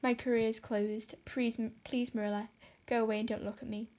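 A woman's voice: on the high side, level tone, moderate pace, darkish tone, lightly acted. A woman reading aloud and voicing a dramatic young girl who pleads in overwrought, tragic tones. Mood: despairing. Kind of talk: audiobook character voice.

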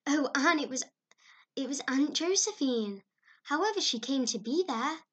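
A woman voicing a lively, excitable young girl who chatters quickly. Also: high-pitched, pitched above the performer's own voice. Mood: excited.

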